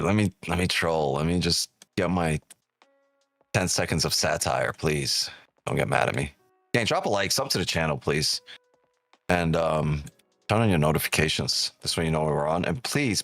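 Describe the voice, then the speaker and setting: A man's voice: low voice, fairly bright tone, dry recording. A man hosting a live trading stream, joking and teasing viewers in casual, profane banter. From New York.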